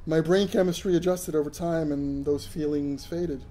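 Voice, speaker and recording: Man reading fiction in a dark, mellow voice. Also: fairly high pitch, steady tone, normal speed, hardly any pauses, low-quality recording. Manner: earnest, occasional stumbles. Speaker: author reading his fiction. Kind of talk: first-person fiction reading.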